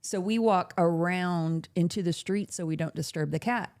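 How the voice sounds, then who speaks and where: Host, woman. Low, gravelly voice. Casual, animated storytelling with swearing and laughter. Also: moderate pace. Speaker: podcast host.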